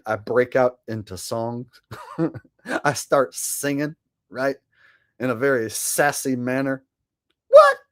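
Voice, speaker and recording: A woman commenting on video clips in a sarcastic, profane way. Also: extremely low pitch.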